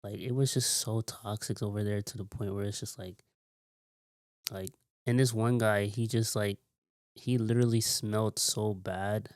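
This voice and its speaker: Guy venting on his vlog, lowish voice, dry close sound, keeps going off on tangents. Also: fairly even intonation, moderate pace, darkish tone, clean tone, no echo. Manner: rambling, repeats himself, many "like" fillers. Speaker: vlogger. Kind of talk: casual storytelling vlog.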